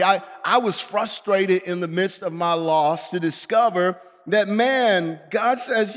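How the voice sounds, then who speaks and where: A male pastor with a high, light voice delivers a sermon in a church sanctuary. He preaches with passion, rising to pleading outbursts and dropping to hushed earnestness. The long reverb of the hall trails behind his words. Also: a little slow, few pauses. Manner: impassioned, swings from pleading to hushed.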